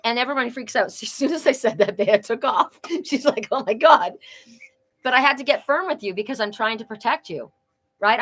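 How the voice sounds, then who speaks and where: A woman's voice: fairly high pitch, fairly bright tone. A middle-aged woman doing a live oracle card reading, talking earnestly and repeating phrases for emphasis.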